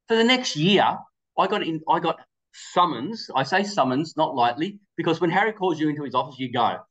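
A man presenting at a webinar, rattling through an anecdote at a brisk clip. His voice sits a little higher than most men's, and he slips into quoted dialogue as he tells the story. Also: a bit bright, low-quality recording.

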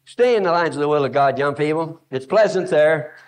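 A man's voice: fairly high pitch, expressive, brisk. A man preaching a sermon at a youth camp, emphatic and repetitive, telling stories to drive his point home.

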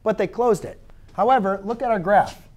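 A male math teacher with a slightly higher, darkish voice gives a conversational classroom lecture at normal speed. He asks his students questions and corrects himself along the way.

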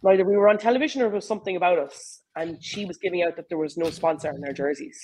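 A woman with an Irish accent chats in an easy, animated way as an interview guest. Her speech runs on with fillers and quick asides as she tells stories. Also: fairly low pitch, husky, poor audio. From Ireland. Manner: animated, chatty, lots of fillers. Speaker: rugby player and coach, guest. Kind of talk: casual conversational interview.

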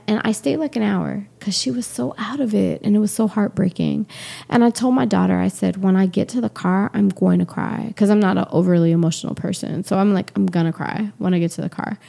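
A woman in her forties speaks as a podcast guest and tells her own story candidly. Her voice carries a gravelly, fry-touched edge at a middle pitch. She gets animated and acts out the quoted back-and-forth.

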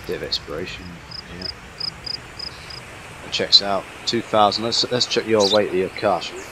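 A man's voice: sits low, normal speed, background noise. A man giving comedic, swearing gameplay commentary in a cocky, mock-tough tone. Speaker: gaming commentator.

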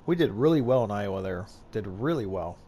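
A man's voice: lowish voice, animated, fairly quick, dark tone, a little hiss or hum. A man giving casual gameplay commentary as a YouTuber, hyped and joking at himself. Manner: hyped, self-mocking banter. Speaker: gaming YouTuber.

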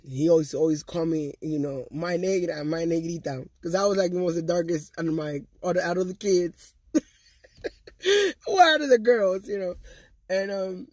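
A woman's voice: lowish voice, moderate pace, darkish tone, no room sound. Talkative woman vlogger, casual and chatty to camera, close dry sound. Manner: chatty, talkative, loves to gab. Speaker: vlogger and channel host. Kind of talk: casual vlog chat to viewers.

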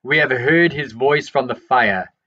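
A man's voice: medium pitch, unhurried, pushed and bright, muffled recording. Man steadily reading scripture aloud. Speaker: Bible reader.

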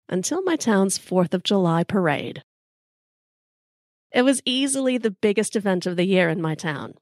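A woman's voice: medium pitch, no room sound, clean studio sound. A middle-aged American woman telling a personal story in a wry, casual, sometimes profane way. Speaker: storyteller host.

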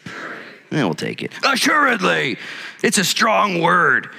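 A man preaching a sermon as pastor to a church congregation, energetic and conversational, acting out quotes as he goes. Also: fairly high pitch, normal speed, creaky, slightly rough. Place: church sanctuary. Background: congregation present.

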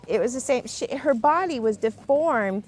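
A woman's voice: on the high side, animated, normal speed, darkish tone, slight background noise. A woman chatting casually on a neighborhood street while walking her dogs, cooing at them and laughing often. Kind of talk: casual chat.

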